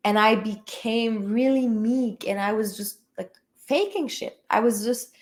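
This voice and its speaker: A woman's voice: on the high side, unhurried. A woman talking candidly as a spiritual healing teacher. Her delivery is frank and emphatic, loose and conversational, with casual swearing mixed in. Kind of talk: candid personal talk.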